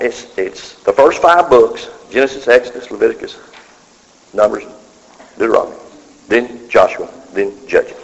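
A man preaching a sermon, dropping to low murmurs and rising to shouted cries. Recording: muffled hall recording.

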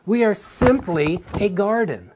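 A man's voice: high voice, expressive, unhurried, noisy background. A man preaching a sermon in an earnest, emphatic way, repeating phrases for stress.

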